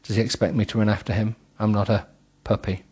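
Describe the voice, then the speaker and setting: Middle-aged man, low husky voice, comic read-aloud, stumbles over words. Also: level tone, fast, a little mellow. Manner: giggly, self-mocking, stumbles over words. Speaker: host reading a book aloud.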